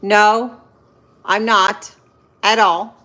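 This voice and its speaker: A woman in her thirties from Central Florida hosts a casual livestream, chatting with viewers as she cooks. She talks at an unhurried pace, pausing and filling gaps as she thinks aloud. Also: mid-range voice, little pitch movement, pushed and bright. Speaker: livestream host. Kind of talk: casual live-stream chat while cooking.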